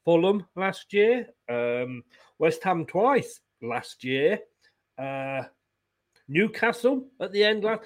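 Fed-up guy hosting a footy review, kinda high voice, swears a lot. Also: big pitch swings, slow pace. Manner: blunt, swearing, frustrated. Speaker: host of fan post-match review show. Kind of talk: casual chat.

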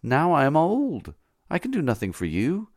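A man's voice: huge pitch swings, moderate pace, no room sound, clean studio sound. A man voicing an old female slave nurse who grumbles and frets, with a pleading, raised tone. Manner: fretful, pleading, raised pitch.

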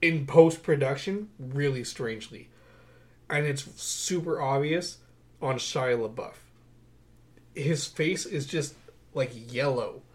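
A man's voice: medium pitch, slow, pauses often. Wry young man reviewing movies. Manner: wry, sarcastic, animated. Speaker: podcast co-host. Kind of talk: casual movie-review chat.

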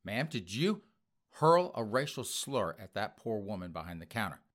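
A man voicing a weary, patient police officer who talks in a flat, tired way. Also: lowish voice, moderate pace, voice pushed down.

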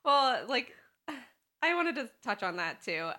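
A woman's voice: on the high side, big pitch swings, a little slow, pushed and bright. A woman co-hosting a podcast, recapping and reading from a novel in a casual, giggly chat. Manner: giggly, recaps and reads aloud from the book. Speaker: podcast co-host.

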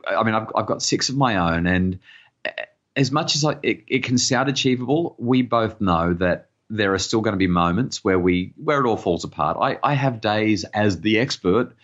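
A man's voice: fairly low pitch, expressive, moderate pace, fairly bright tone, muffled recording. A middle-aged man giving earnest advice as a parenting expert in a podcast interview, often repeating words as he starts a sentence.

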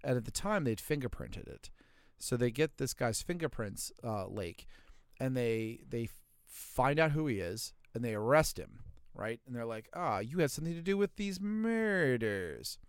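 A man from the US Deep South with a Southern accent, co-hosting a podcast and telling a story in a profane, joking way. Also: clear, resonant tone, no room sound, clean studio sound. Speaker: podcast co-host. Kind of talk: casual podcast banter.

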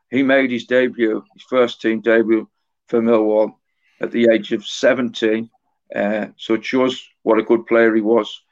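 A man in his forties, an author talking as a guest in an interview, telling a story in a halting way that often repeats words and restarts. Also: medium pitch. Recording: dull lo-fi recording.

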